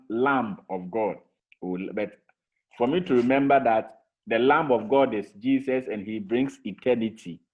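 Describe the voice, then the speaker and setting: A man teaching a Hebrew vocabulary lesson to a class over a video call, patiently repeating each word for drilling. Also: lowish voice. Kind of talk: online language lesson. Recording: tinny phone-like call audio.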